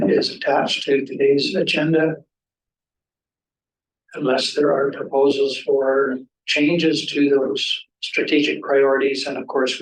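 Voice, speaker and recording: A man chairing a council meeting as mayor, measured and procedural, with frequent ums. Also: medium pitch. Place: council chamber. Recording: echoey room, voice from a distance.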